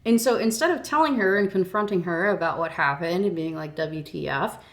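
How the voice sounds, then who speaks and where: A woman's voice: medium pitch, brisk. Young woman ranting about a book. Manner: chatty, swearing, full of "like". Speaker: book reviewer. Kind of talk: casual rant review.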